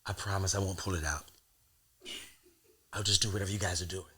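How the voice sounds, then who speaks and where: A man voicing an apologetic young woman pleading softly as he retells a story. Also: low-pitched, steady tone, a little fast, breathy edge, pitched below the performer's own voice, full character voice.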